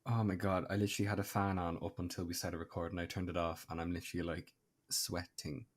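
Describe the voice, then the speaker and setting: A young man co-hosting a podcast, easygoing and quick to laugh. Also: low voice, level tone. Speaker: podcast co-host. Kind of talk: casual chat.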